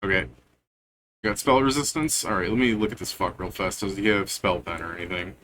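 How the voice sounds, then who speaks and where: A man's voice: deep voice, brisk, a bit bright, slight background noise. A man running a tabletop game as game master, casual and profane, making rulings on the fly.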